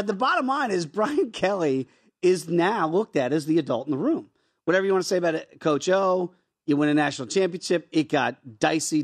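Animated, emphatic man co-host. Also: a little high, no room sound. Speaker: sports betting show co-host. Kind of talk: casual sports betting chat.

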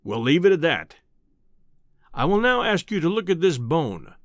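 A man's voice: fairly high pitch, very animated, normal speed, a bit bright, dry recording, clean studio sound. A man reading an audiobook, voicing a bombastic, scornful older male professor who lectures with an air of triumph. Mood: condescending.

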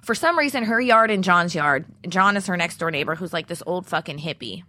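A woman's voice: on the low side, brisk. A young woman co-hosting a podcast, telling a story in casual chat with lots of swearing. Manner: profane, storytelling, animated. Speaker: podcast co-host.

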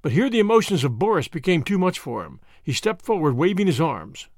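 A man reading a novel aloud as narrator, with expressive storytelling on a close studio mic. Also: on the high side, brisk, dry recording. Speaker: audiobook narrator. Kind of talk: scripted narration.

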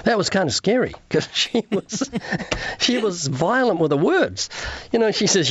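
A man's voice: high-pitched, big pitch swings, normal speed, husky, no echo, lo-fi sound. A man, an evangelist and author, telling stories of his street conversations and acting out the dialogue as he goes. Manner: earnest, retells street conversations with quoted dialogue, repeats words. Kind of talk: interview storytelling.

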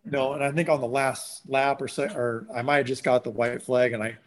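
A man telling a long story in casual conversation, animated and acting out what others said. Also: medium pitch, brisk. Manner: animated, acts out quotes of others. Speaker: guest.

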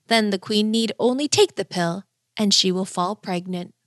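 Woman doing a high, prim marquis. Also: moderate pace, no echo, clean studio sound, lightly acted. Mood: formal. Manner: formal, advising. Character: courtly marquis, officious adviser.

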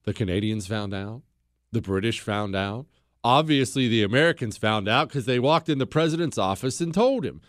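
A man's voice: mid-range voice, normal speed, no echo, clean studio sound. A man hosting a podcast, telling history in a blunt, opinionated way, mocking people and acting out quotes. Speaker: podcast host.

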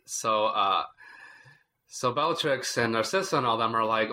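A man's voice: medium pitch, normal speed, sharp tone. A man hosting a book podcast in casual chat, playful and full of "uh" fillers. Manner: playful, lots of fillers and laughs. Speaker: podcast host.

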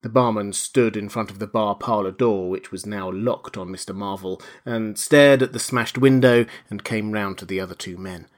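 A man narrating a classic novel aloud in a measured, expressive way. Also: lowish voice. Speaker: reader. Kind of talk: audiobook narration.

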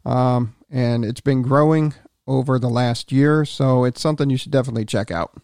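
A man's voice: mid-range voice, fairly even intonation, normal speed, creaky, a little mellow, dry recording, clean studio sound. A man hosting a casual podcast chat, rambling a little with restarts and fillers. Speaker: podcast host.

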